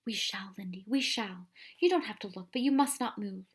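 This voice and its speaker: A woman voicing a kindly older male professor who speaks in a grave, breathy half-whisper. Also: mid-range voice, moderate pace, lightly acted. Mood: grave hushed.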